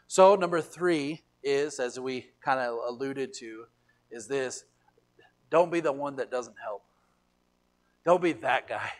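A pastor preaching a sermon, animated, often repeating words and swinging between quiet asides and loud emphasis. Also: male voice, mid-range voice. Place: church sanctuary.

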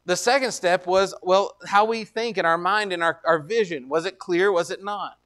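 A man preaching a sermon as pastor, conversational with joking asides, slowing down to stress scripture. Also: sits high, a bit bright.

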